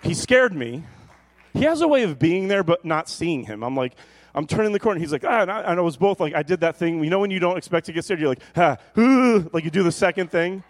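A man preaching a sermon, telling jokey stories with sudden high-pitched yelps before turning quiet and earnest. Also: animated, fast. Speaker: pastor.

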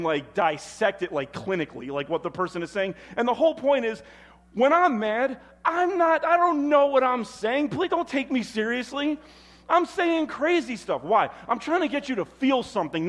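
A man preaching a sermon as pastor at a church service, expressive and emphatic. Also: fairly high pitch.

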